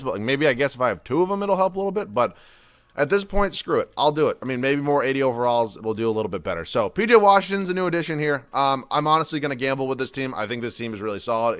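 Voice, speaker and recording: A man's voice: mid-range voice, fairly bright tone, no room sound. Young dude cussing and ranting through his game commentary, medium voice. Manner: casual, profane, ranting. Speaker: gaming YouTuber. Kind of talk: gameplay commentary.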